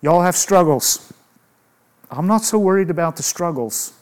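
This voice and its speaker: A man's voice: sits high, expressive, unhurried, clean tone. A man preaching a sermon in an emphatic way, asking rhetorical questions and adding humorous asides.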